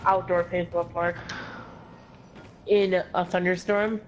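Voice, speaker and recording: A woman's voice: fairly low pitch, little pitch movement, takes it slowly, a little mellow, lo-fi sound. Tired, chatty woman gamer. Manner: chatty, swears casually. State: tired, yawning. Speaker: co-player on a gaming stream. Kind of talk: casual chat while gaming.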